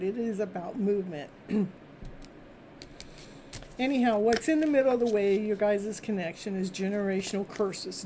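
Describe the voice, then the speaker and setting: A woman hosting a live tarot reading, chatty and reassuring, often clearing her throat and laughing as she talks. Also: mid-range voice, mellow, slight background noise. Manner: repetitive, reassuring phrasing. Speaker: tarot reader and host.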